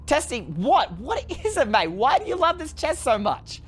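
A woman talks viewers through a video game in a chatty, exclaiming way. Her pitch is fairly high and swings widely as she reacts. Soft music plays underneath. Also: moderate pace, husky. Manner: animated, chatty, exclaiming in excitement. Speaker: gaming video creator. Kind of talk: let's-play commentary to viewers.

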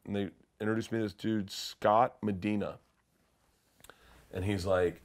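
Guy telling a crazy story loud, laughs, yells the funny bits. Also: fairly low pitch, brisk. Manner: loud, laughing, acts out quotes in shouts. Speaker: comedian guest. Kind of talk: animated storytelling.

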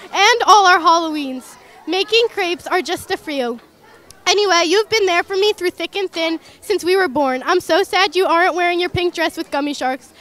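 A woman's voice: very high voice, fairly bright tone. A young woman reading a heartfelt written speech to her best friend, earnest and affectionate. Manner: earnest, reads from a written note. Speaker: best friend giving a toast.

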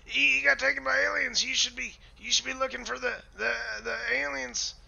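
A paranoid, gun-toting redneck with a shrill, very high voice and a heavy gravelly fry. He stammers and rambles through conspiracy talk with a sharp, piercing edge. The role-play is recorded on a dull, lo-fi mic. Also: fairly even intonation, a little fast, full character voice. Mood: ranting paranoid. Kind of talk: improvised game role-play.

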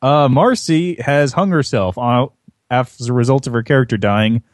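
A man's voice: mid-range voice, normal speed, no room sound, studio quality. A man hosting a podcast, reading narration with playful, theatrical delivery. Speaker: podcast host, reading narration and dungeon master. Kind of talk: comic script reading.

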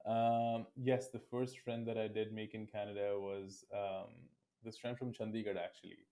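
A man's voice: lowish voice, flat delivery, normal speed, dark tone. A man in his twenties from India, answering interview questions in a reflective, thoughtful way. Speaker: guest. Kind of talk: casual interview.

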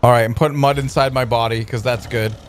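A man hosting a let's play, commenting on gameplay in an excitable, joking way with many exclamations. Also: medium pitch, quick pace.

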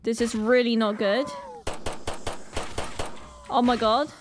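A woman with a Northern Irish accent giving excitable gameplay commentary, full of panicked exclamations. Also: fairly high pitch, slow, background noise. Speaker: gaming channel host.

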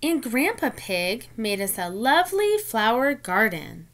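A woman voicing a jolly, proud father pig in a storybook, speaking in a hearty, louder way. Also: fairly high pitch, sing-song, measured pace, full character voice.

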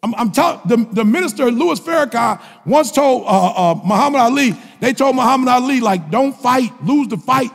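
A male preacher with delivers a motivational sermon, his husky voice rising into shouted, sing-song refrains. His voice sits high for a man. Soft music plays under him in a hall with a long reverb. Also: expressive, normal speed, few pauses.

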